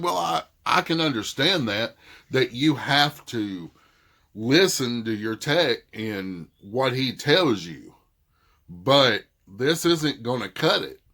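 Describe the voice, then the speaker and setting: A middle-aged man with a heavy Southern accent tells a story on his vlog. He relays an argument and quotes each side, his medium-pitched voice a bit bright.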